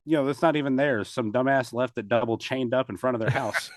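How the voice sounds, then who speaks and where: A man's voice: mid-range voice, fairly quick, dry recording, studio quality. Laid-back man recapping a movie. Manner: laid-back, recapping plot with crude humor. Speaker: podcast co-host. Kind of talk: casual movie review chat.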